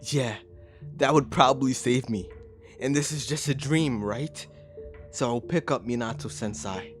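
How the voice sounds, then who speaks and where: A man's voice: mid-range voice, measured pace, soft background music, natural voice. A man reading as a frightened young ninja. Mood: anxious.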